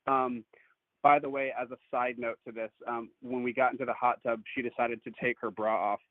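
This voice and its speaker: A man calls in to tell a story, speaking casually and acting out what people said. His voice is mid-pitched and comes through a thin, tinny phone line. The sound is dry. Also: a little fast, no echo. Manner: animated, acts out quotes. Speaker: caller.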